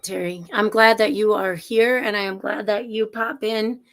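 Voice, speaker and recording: A woman's voice: medium pitch, steady tone, normal speed. A woman co-hosting a casual livestream chat from home over a video call, telling stories in a chatty, laughing way. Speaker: co-host and middle school teacher. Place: at home with a house full of people. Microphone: video call setup.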